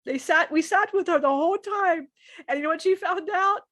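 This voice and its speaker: A woman channeling a spiritual message, speaking in an emotional, halting way with many restarts and repetitions. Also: extremely high pitch, a bit bright, dry recording.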